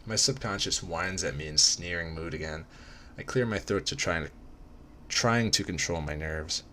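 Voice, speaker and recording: A man's voice: low voice, fairly quick, sharp tone, a little hiss or hum. A man reading a parody romance story aloud, casual and self-mocking, with comic asides.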